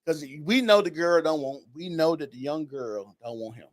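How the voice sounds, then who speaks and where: A man in casual podcast chat, quick and agreeable, often restarting his sentences. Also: a little high, expressive, dry recording. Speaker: podcast co-host.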